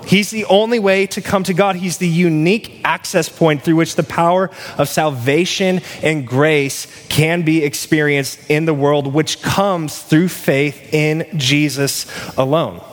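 A man preaching a sermon in a conversational way, acting out dialogue with lively restarts. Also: a little high, a little slow. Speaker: pastor. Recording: long hall reverb.

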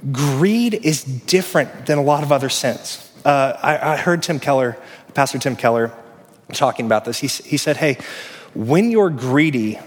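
A man in his thirties delivers a sermon in a relaxed, conversational way, as if talking with friends from the pulpit. His voice sits at an ordinary middle pitch. He swells in volume and energy when he drives a point home, and a long hall reverb trails behind every phrase. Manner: conversational, animated storytelling, swells louder on emphasis. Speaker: pastor.

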